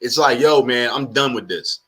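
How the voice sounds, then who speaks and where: A man hosting a casual chat with fellow comedians over a video call, lively and restarting his words as he talks. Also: mid-range voice, normal speed. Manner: lively, repeats words when starting. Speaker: host comedian.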